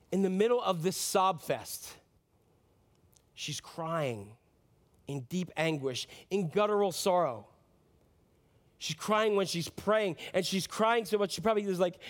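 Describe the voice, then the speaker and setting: High-voiced man preaching an impassioned sermon. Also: animated, normal speed. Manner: earnest, impassioned preaching with direct questions to the congregation. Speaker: pastor.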